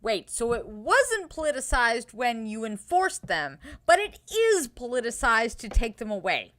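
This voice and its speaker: A woman's voice: fairly high pitch, very animated, a bit bright. A woman hosting a casual live stream who rants with plenty of swearing. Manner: profane, ranting, quick to outrage. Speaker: livestream host.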